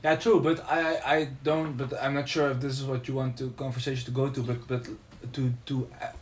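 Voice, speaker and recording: Man, podcast co-host, mid-pitched voice, casual debate, challenging, pointed questions. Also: little pitch movement, brisk.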